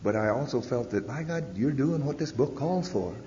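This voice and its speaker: A man's voice: animated, moderate pace, warm tone. A man giving a personal testimony talk at a convention, telling his story bluntly with frequent "uh" and "you know". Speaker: speaker at a recovery convention. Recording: echoey hall, dull 1990s tape, faint rumble.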